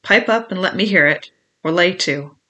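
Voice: mid-range voice, normal speed, pushed and bright, natural voice. A reader voicing a scheming old male pirate cook who roars commands in sailor's slang, in an audiobook. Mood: blustering. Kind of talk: audiobook reading.

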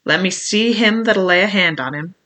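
Here an audiobook reader takes on the part of a conniving elderly pirate cook, bellowing commands in seafaring lingo. His natural voice sits at medium pitch and moves at a moderate pace, bright and forced, with a blustering mood throughout.

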